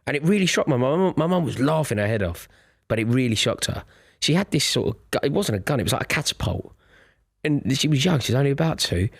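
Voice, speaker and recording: A man's voice: mid-range voice, animated, fast talker, vocal fry, slightly rough, no echo, studio quality. A man in his thirties, a podcast co-host chatting casually with wry, self-deprecating humor. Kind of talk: casual chat.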